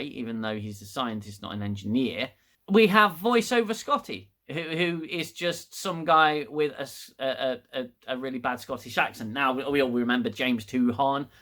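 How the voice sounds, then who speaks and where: Bright-voiced man ranting a review. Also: mid-range voice. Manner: rambling, frustrated, frequent restarts and swearing. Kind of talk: casual review monologue.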